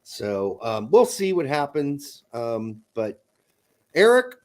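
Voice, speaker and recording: A man co-hosting a casual soccer talk show, profane and animated, bursting into loud mock rants. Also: medium pitch, takes it slowly. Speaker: podcast co-host. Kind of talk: casual chat.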